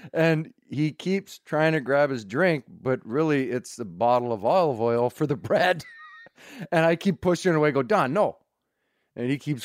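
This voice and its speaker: A man's voice: a little high, no echo, clean studio sound. A man from Canada, a former hockey player, telling stories in casual chat, laughing often and swearing freely.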